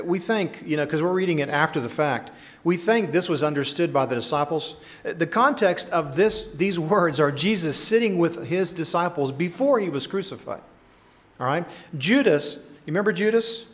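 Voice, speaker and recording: A male pastor delivers a sermon with a fairly high voice. He preaches in a lively, conversational manner and keeps turning to his listeners with questions.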